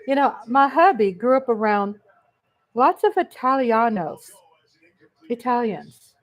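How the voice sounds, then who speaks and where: A woman hosts a relaxed live chat. Her voice sits high and she takes her time, greeting viewers by name and laughing often. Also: low-quality recording. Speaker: livestream host. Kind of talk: casual live-chat commentary.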